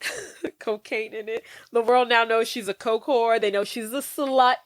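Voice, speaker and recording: A woman's voice: fairly high pitch, unhurried, dry recording. Blunt, profane American woman podcaster. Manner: blunt, profane, animated retelling. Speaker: podcast co-host. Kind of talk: casual movie recap chat.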